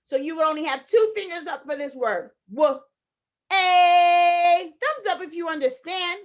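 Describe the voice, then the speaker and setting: A woman teaching a phonics lesson to young children, sounding out letters slowly and emphatically, with repeated encouragement. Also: very high-pitched, lively intonation. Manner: encouraging, repeats phrases to the class. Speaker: kindergarten teacher.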